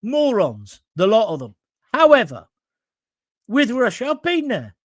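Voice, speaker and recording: English man in his sixties, high voice, combative talk host, dry close-miked studio sound, blunt. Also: wildly swooping pitch, unhurried, no echo. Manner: blunt, combative, sweeping pitch swings. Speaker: show host. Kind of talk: opinionated solo talk show. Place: home studio with green screen.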